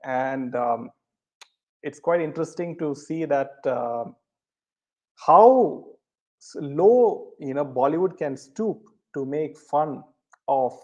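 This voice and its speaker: A man's voice: on the high side, expressive, slow, long pauses, a little mellow, dull audio. Hesitant man hosting a live chat. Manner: hesitant, many ums and uhs; rhetorical, ends points with "right?". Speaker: live stream host reading viewer comments. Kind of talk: casual live chat commentary.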